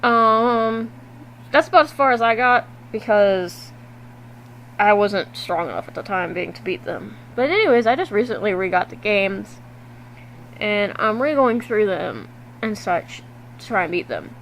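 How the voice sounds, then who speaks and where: A woman vlogging to her webcam at home, recapping a video game in a loose, animated way and swearing freely. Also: mid-range voice, unhurried, a little hiss or hum, low-quality recording. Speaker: gaming vlogger. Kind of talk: casual game recap to camera.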